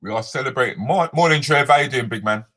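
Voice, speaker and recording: Bright-voiced man, joking banter. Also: medium pitch, quick pace. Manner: banters with viewers by name, slips into Jamaican patois. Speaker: comedian host moderating a live chat. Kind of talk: casual live-stream chat reading comments.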